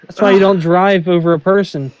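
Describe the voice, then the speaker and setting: A high-pitched male voice, chatting as a teammate while playing a game. He laughs often and reaches for mild, clean exclamations instead of swearing. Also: fairly even intonation, a little fast, darkish tone. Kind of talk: casual gameplay chat.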